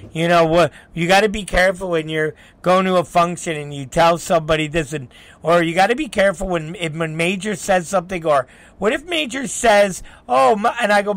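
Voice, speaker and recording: A man hosting a talk show, telling a profane story in animated, rambling fashion and acting out both sides of arguments. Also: high voice. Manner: animated, profane, quotes people in quick back-and-forth. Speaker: podcast host.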